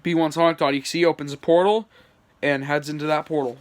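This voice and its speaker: A man's voice: on the high side, steady tone, fast talker. A man reading his homemade story aloud, with chatty asides and small stumbles. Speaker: channel creator.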